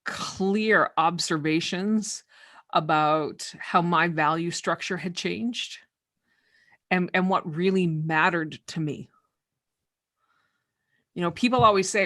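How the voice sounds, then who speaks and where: A woman's voice: fairly low pitch, slow pace, long pauses, fairly bright tone. A woman hosting a casual video-call conversation, speaking thoughtfully and often repeating words as she works out what she means.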